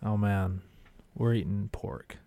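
A man's voice: lowish voice, fairly even intonation, slow pace, vocal fry, dark tone, no echo. A man, a chef and restaurant owner, chatting casually as a guest in rambling, laid-back stories. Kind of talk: casual conversation.

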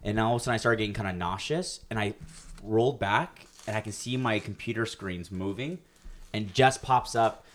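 A young man with a fairly low voice co-hosts a casual podcast. He tells stories with energy, jumps into raised voices to act out what people said, and swears freely. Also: normal speed. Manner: animated storyteller, acts out quotes in raised voices, swears freely. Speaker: podcast co-host. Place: California.

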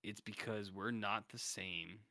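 A man's voice: on the low side, fairly even intonation, unhurried, pushed and bright. A man co-hosting a casual comedic chat, wryly reading out reviews and teasing his co-host. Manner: wry, teasing, drifts into joke voices. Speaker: podcast co-host.

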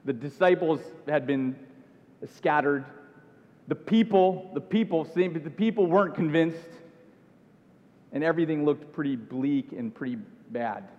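Man preaching in an echoing hall. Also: a little high. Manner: earnest, with frequent restarts and repeated phrases. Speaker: pastor. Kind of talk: sermon. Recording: dull sound with long hall reverb.

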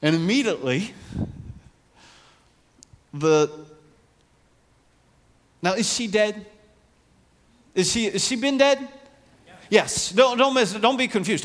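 A man's voice: high-pitched, lively intonation, takes it slowly, long pauses, fairly bright tone. A man preaching a conversational sermon as a pastor, acting out voices from the Bible story. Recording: long hall reverb.

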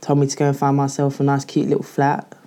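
A woman's voice: rumbling low, monotone, quick pace, mellow. A woman, speaking candidly in a casual podcast chat, full of "like" as she tells her story. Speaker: guest.

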